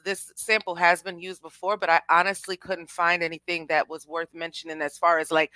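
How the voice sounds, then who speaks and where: A young woman chats animatedly about music as a show host, dropping slang and talking straight to her viewers. Her voice is bright and a little low-pitched. It sounds close-miked and dry, with no room around it. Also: clean tone, no echo. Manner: animated, chatty, slangy, addresses the chat. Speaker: podcast host. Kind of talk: casual music commentary.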